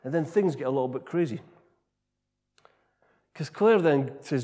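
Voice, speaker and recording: A middle-aged man preaching a storytelling sermon, animated, tagging his sentences with "right?". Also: fairly high pitch, normal speed. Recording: long reverb of a large hall.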